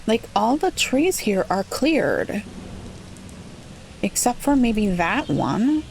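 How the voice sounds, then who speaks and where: A woman playing a city-builder game, thinking aloud and puzzling over it, her voice a little rough today. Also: a little high, big pitch swings, slow, darkish tone, slight background noise. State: slightly rough voice. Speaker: let's play gamer. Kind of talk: relaxed gameplay commentary.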